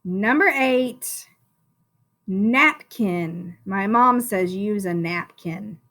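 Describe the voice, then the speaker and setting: A woman teaching a phonics lesson to first graders, sounding out words slowly and encouraging the children in a sing-song teacher voice. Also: mid-range voice, fairly bright tone. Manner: slow, drawn-out sounding out of words.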